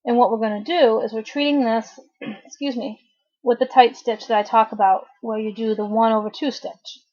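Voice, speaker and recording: A woman in her thirties giving a casual, chatty knitting tutorial to her webcam at home, often clearing her throat. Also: on the high side, steady tone, moderate pace, a little mellow. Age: 30s. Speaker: craft tutorial host. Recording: dull lo-fi webcam audio.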